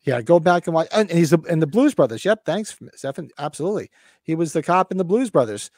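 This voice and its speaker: A man in his fifties co-hosting a casual livestream podcast, excited, swearing freely and acting out movie lines. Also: fairly high pitch, fast, no echo, clean studio sound. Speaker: podcast co-host.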